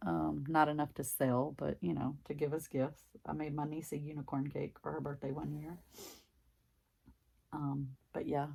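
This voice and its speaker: Casting: older Southern woman, thick country accent, low gravelly voice, chatty craft vlogger. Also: little pitch movement, moderate pace, mellow. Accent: deep Southern US country. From Mississippi, US. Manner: rambling, chatty, filler-heavy. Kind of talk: casual chat while stitching.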